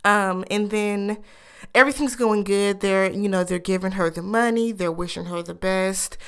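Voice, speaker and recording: A woman chats casually through a reality show recap. Her voice is smooth and clear, her delivery animated with laughing, incredulous asides. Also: mid-range voice, moderate pace. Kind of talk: casual chat.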